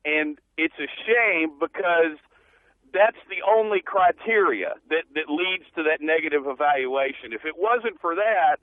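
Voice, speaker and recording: A man calling in to a radio show, speaking in a measured, reflective way over the phone. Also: a little high, no room sound. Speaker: caller. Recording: tinny phone line.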